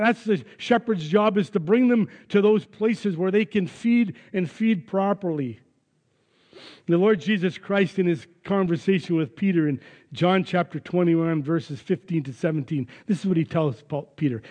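A man's voice: high voice, a little mellow, in a large hall. A man preaching a sermon as pastor, earnest and emphatic. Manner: earnest, emphatic, with some restarts. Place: church.

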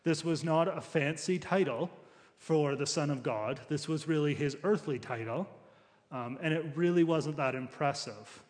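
A man's voice: on the high side, moderate pace, darkish tone, in a large hall. A man preaching a sermon as a pastor, talking through the passage in a conversational way with frequent restarts.

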